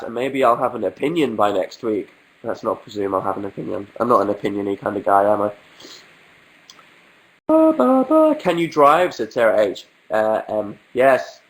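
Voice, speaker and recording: A young man from England, stuffed up with a cold, hosts a relaxed livestream from home and answers viewer questions through a webcam mic. His humour is dry and self-mocking, and he keeps joking about how ill he is. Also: mid-range voice, moderate pace, rough recording. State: has a cold, sniffling. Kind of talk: casual livestream chat.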